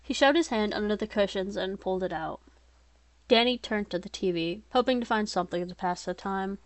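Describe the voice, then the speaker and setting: A woman reading her own story aloud in a plain, steady voice, now and then breaking into chatty, self-mocking asides. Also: mid-range voice, brisk, dry recording.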